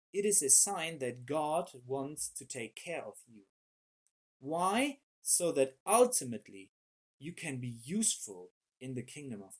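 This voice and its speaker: A man preaching a sermon in an animated way, often repeating words as he searches for the right phrase. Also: medium pitch, breathy edge.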